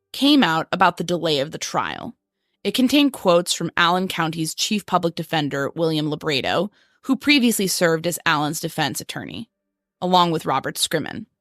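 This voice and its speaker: A young adult woman co-hosting a podcast, narrating from a script in a measured way. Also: on the low side, no room sound, studio quality. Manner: measured, reads quotes aloud flatly. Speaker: podcast co-host. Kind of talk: scripted true-crime narration.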